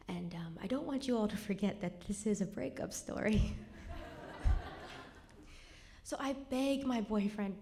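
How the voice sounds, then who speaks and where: Speaking live at a cultural center, a young woman recounts something that really happened to her, her mid-range voice creaky and dark-toned. She keeps a measured pace with long pauses, sounding wry and chatty, then nearly whispers through the grim parts.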